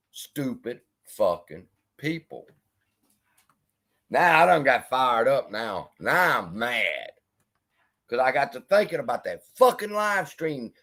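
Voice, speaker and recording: A man's voice: mid-range voice, a bit bright. A man hosting a livestream, ranting in an angry, profane, heated way. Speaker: livestream host. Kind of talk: unscripted livestream rant.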